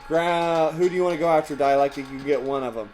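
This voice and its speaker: A man narrating a tabletop game as game master, his voice a touch high. He tells the action with energy and laughs often. Faint music sits behind him. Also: quick pace. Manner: animated, laughs often, acts out villains in yelps.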